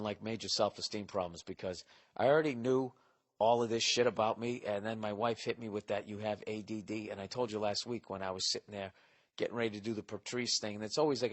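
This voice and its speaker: A man in his forties hosting a podcast, telling a comic story in a profane, animated rant. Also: fairly low pitch. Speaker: podcast host. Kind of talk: casual comedic monologue.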